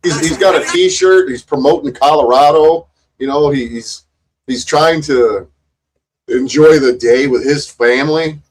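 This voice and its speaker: A man's voice: a little high, a little slow, slight background noise. A man giving casual, sarcastic commentary on a video, mocking the people in it and swearing freely. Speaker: co-host reacting to a video.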